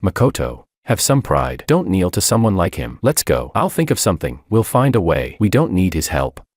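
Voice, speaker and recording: A man's voice: low voice, very animated, normal speed, dry recording, studio quality. A man voicing a proud young woman who has become bitter and jealous. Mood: defiant. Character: proud young woman, once an ice queen.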